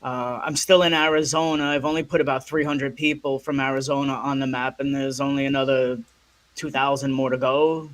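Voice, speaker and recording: A man's voice: medium pitch, level tone, a little fast. A man on a casual advocacy livestream, talking reflectively and hesitantly, often repeating words. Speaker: co-host and guest on an advocacy livestream.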